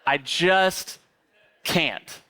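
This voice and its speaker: A man's voice: fairly high pitch, expressive, extremely slow, pushed and bright. A male pastor giving a chatty, conversational sermon with humorous asides and plenty of fillers.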